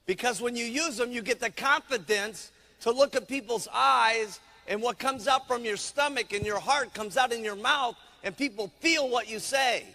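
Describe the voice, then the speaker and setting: Emphatic high-voiced man in a hall. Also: moderate pace, few pauses, bright, forceful tone. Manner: emphatic, repetitive, preaching. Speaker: company founder speaking to distributors. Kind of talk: motivational sales seminar talk. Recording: long hall reverb.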